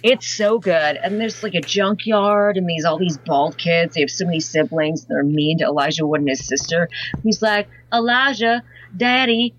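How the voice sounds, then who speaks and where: A woman's voice: low-pitched, normal speed, slightly rough, dull audio. A woman chatting casually as a podcast guest, swearing a lot, getting flustered and laughing. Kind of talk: casual chat.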